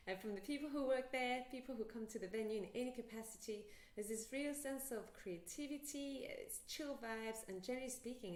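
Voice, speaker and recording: A woman's voice: fairly high pitch, a little mellow. A woman with a French and South African accent, hosting a podcast and reading a chatty introduction. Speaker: podcast host and yoga teacher. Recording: roomy echo.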